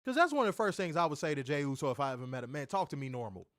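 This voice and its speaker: A man's voice: fairly high pitch, animated, racing, fairly bright tone, no room sound, studio quality. A man reviewing a wrestling show in casual chat, ranting animatedly and swearing often.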